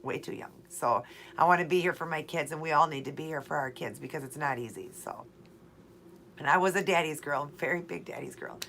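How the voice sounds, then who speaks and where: A woman in her forties with a lower voice hosts a live stream, talking straight to her viewers. She speaks in a heartfelt, repetitive way, circling back to the same phrases, with a faint hiss of noise behind her. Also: a little fast, gravelly, fairly bright tone. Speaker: host of a live keto Q&A stream.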